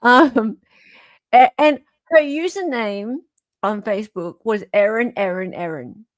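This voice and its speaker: An Australian woman hosting a casual chat about a court case. She talks at an unhurried pace, chatty and animated, with a dry, close-miked sound. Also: on the high side, no echo. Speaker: host. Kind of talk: casual commentary.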